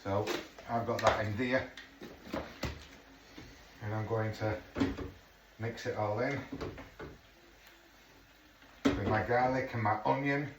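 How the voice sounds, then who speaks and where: A middle-aged home cook from England, lowish in voice with fairly even intonation, takes his time and leaves long pauses as he chats casually while cooking for a vlog. Now and then he swears softly. The kitchen is echoey and noisy, the mic far away.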